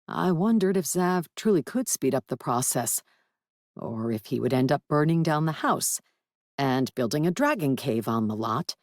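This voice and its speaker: Low-voiced woman narrating an audiobook. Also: dry recording, studio quality. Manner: wry, lively first-person storytelling. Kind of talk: first-person audiobook narration.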